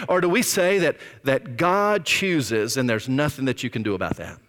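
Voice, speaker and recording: A male pastor preaching a sermon with emphatic, drawn-out stresses, sometimes dropping almost to a whisper. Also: a little high, big pitch swings, fairly bright tone, big-room sound. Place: church sanctuary.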